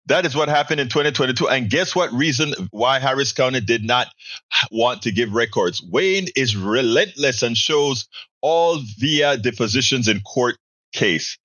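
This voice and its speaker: A man's voice: medium pitch, lively intonation, moderate pace, fairly bright tone, dry recording. A man hosting a casual podcast, reading out listener comments and answering them with strong opinions. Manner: opinionated, reads chat messages aloud and answers them. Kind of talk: casual live call-in commentary.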